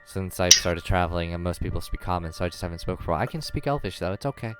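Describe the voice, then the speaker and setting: A man's voice: deep voice, animated, very fast, a bit bright, soft background music. A man playing a tabletop game on a voice call, hesitant and apologetic, often stammering and restarting. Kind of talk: casual game chat with in-character asides.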